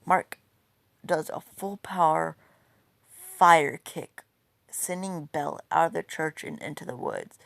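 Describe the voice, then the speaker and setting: Gravelly, rambling woman storyteller. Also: low voice, sing-song, slow pace, pauses often, fairly bright tone, no room sound. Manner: rambling, profane, full of "you know". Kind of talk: casual fan-fiction storytelling.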